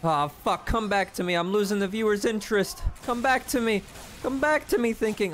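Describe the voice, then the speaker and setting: A man's voice: high voice, brisk, fairly bright tone. A young man in a rambling, self-deprecating confessional vlog, swearing often while he plays a game at his desk. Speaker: gaming vlogger.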